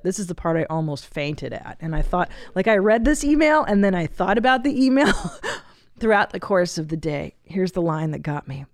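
Woman, middle-aged, podcast host, candid and animated, lowish voice, dry close sound. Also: brisk, no room sound. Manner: candid, animated, profane, laughs often. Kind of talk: casual podcast chat, reading a listener email.

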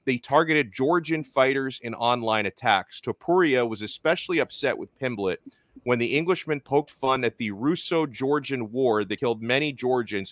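A man's voice: medium pitch, fairly bright tone, dry recording. A man hosting a sports talk show, chatting loosely with lots of restarts. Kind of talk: casual sports chat.

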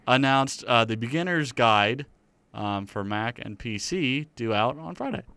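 A man's voice: medium pitch, animated, measured pace, bright, forceful tone, clean tone, no echo. A man co-hosting a casual gaming podcast, easygoing and agreeable, often chiming in. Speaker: podcast co-host. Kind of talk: casual gaming news chat.

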